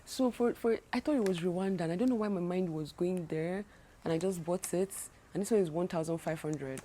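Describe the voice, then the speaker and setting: A young woman from Nigeria chats her way through a travel vlog. She rambles, restarts her thoughts, and keeps an easygoing, conversational flow. Her voice sits a little low for a woman. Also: moderate pace, dark tone, slight background noise. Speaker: travel vlogger. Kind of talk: casual vlog chat.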